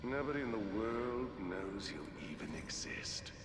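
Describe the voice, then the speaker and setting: A man's voice: mid-range voice, animated, unhurried, close to an everyday voice. An actor playing a condescending male scientist in a game cutscene, haughty and dismissive. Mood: smug. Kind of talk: video game cutscene acting. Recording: echoey reverberant game audio with noise.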